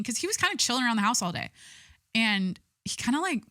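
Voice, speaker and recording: A woman's voice: a little high, very animated, quick pace, pushed and bright, no room sound, clean studio sound. A young adult woman hosting a podcast, talking casually and rambling with lots of filler words. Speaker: podcast host. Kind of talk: casual chat.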